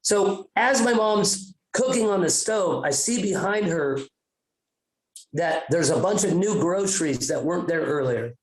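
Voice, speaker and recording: A man's voice: high voice, unhurried. A young man telling a comic story on a podcast, profane and rambling. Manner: profane, rambling, animated retelling. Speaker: podcast host. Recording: roomy echo.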